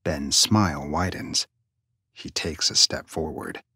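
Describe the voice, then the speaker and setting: A male narrator reads a suspense story slowly in a hushed, breathy voice that sinks near a whisper, his low tone carrying a bright, forward edge. The recording is close and dry, with no echo.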